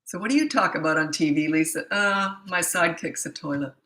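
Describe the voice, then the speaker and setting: Middle-aged woman, parenting coach; blunt, chatty, rambling asides; lower pitch, roomy echo. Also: a bit bright. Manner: blunt, chatty, frequent "anyway" asides and quick laughs. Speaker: parenting coach and channel host. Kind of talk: casual Q&A monologue with anecdotes. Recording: echoey room.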